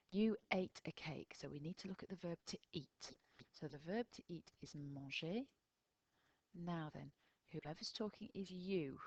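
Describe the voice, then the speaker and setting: An English woman with a low voice explains a lesson to pupils, patient and step by step. The sound is dry and close, with no room around her. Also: no echo, lo-fi sound. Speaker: French teacher. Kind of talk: recorded tutorial lesson.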